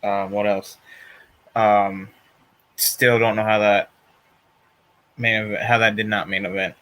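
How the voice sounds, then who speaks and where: A man's voice: fairly low pitch, little pitch movement, unhurried, bright, forceful tone, low-quality recording. A young man in casual chat, rambling and tired, yawning between thoughts, with many fillers and restarts. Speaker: vlogger reviewing wrestling shows.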